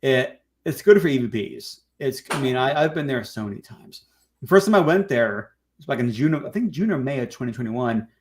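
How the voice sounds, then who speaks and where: A man with a mid-range voice talks as a guest in a casual chat. His delivery is relaxed and rambling, with frequent ums and restarts. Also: mid-range voice, brisk, a little hiss or hum. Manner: relaxed, rambling, many fillers. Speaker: documentary filmmaker guest.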